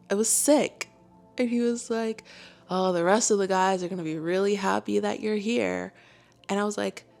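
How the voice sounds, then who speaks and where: A young woman, a clinical psychologist, chatting casually in a storytime video, full of fillers and lively quotes. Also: lowish voice, gravelly. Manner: chatty, lots of fillers, animated quoting.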